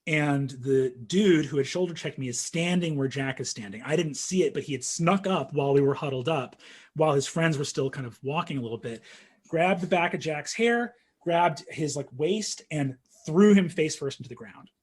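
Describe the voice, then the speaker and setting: A young man telling a story in casual conversation, animated and full of fillers, acting out what people said. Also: fairly high pitch, normal speed, breathy edge. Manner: animated storytelling, acts out quotes, frequent fillers.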